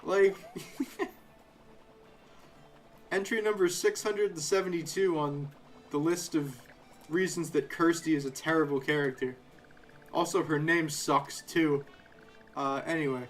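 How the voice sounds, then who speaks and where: A young man with a fairly high voice talks through a live game playthrough in a loose, casual way. He drifts from low-key narration into animated, sarcastic rants. Faint game music plays beneath him. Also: a little slow, long pauses. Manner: ranting, sarcastic, animated asides. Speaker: game streamer.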